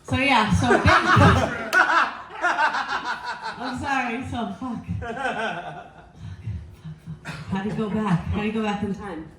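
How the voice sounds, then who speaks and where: A woman's voice: on the high side, unhurried, pauses often, a crowd in the background. A woman doing a stand-up set, rambling and crude, losing her place and laughing at herself. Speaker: stand-up comedian. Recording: very echoey room.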